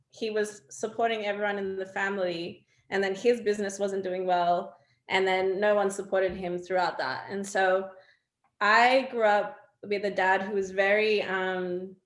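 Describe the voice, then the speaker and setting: Her voice mid-range and the room echoey, a young adult woman from Australia chats as an interview-show guest. She tells stories in a relaxed, lively way, often laughing and using plenty of filler words.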